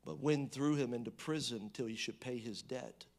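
A man delivers a sermon at a moderate pace, alternating between loud, emphatic outbursts and quiet, low readings from scripture. He drifts into conversational asides and sometimes starts his sentences over.

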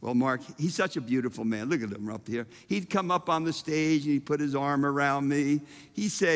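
A man preaching a sermon, emphatic and humorous, with dramatic pauses. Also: fairly high pitch. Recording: reverberant hall.

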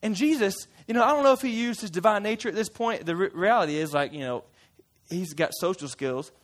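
A man's voice: high-pitched, fairly quick, lightly acted. A man in character as a fisherman disciple, retelling a story to a church group in a chatty, playful way with side remarks. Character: folksy fisherman disciple retelling his memories.

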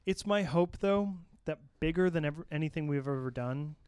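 Smooth-voiced male podcast host. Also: on the high side, normal speed, a little mellow, no echo. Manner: reads items steadily, with small restarts and asides. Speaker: host and news reader. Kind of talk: podcast news rundown with banter.

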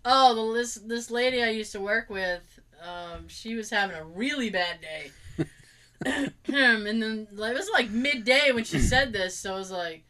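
Chatty woman w/ a high bright voice telling work stories, does the voices of people she quotes. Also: unhurried. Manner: animated, acts out coworkers' lines. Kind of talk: casual chat, storytelling.

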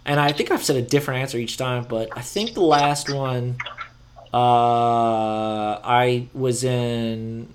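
A man's voice: medium pitch, takes it slowly, a little hiss or hum. A man hosting a casual chat, talking in a rambling way with many restarts and plenty of swearing.

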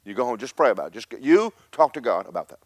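A man's voice: mid-range voice, very animated, quick pace, no echo. A man preaching a Pentecostal sermon, his mid-range voice caught dry and close. He tells stories and then climbs into fiery, emphatic declarations. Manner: fiery, builds to shouting emphasis. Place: church.

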